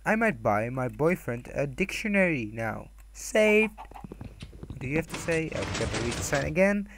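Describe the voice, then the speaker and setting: A man's voice: medium pitch, very animated, a little fast, fairly bright tone, slight background noise. A young man commenting casually on a video game, reading signs aloud in mock voices and laughing often. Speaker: gamer.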